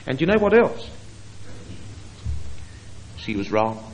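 A man preaching a sermon, moving between quiet asides and emphatic, drawn-out scripture quotations. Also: medium pitch, rough recording. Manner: expressive, swings between hushed asides and emphatic quoting.

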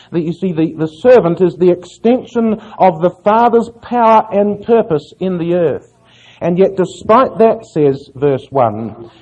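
A man preaches an earnest Bible exposition to his congregation, posing questions and answering them himself. His voice sits high yet mellow, with a husky grain. The recording sounds dull and lo-fi. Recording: muffled lo-fi sermon recording.

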